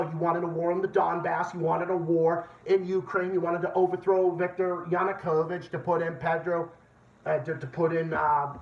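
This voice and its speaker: A man's voice: fairly high pitch, far from the mic. Angry swearing male stream host. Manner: angry, swearing, repeats himself. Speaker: livestream host. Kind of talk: profane political rant. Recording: echoey room, dull lo-fi sound.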